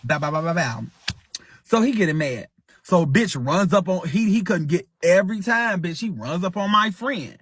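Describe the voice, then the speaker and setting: A man with a high, husky voice hosts a livestream and retells a brawl in loose, profane street talk. He acts the story out as he goes, throwing in sound effects and quick asides. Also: expressive, a bit bright, no room sound. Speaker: livestream host.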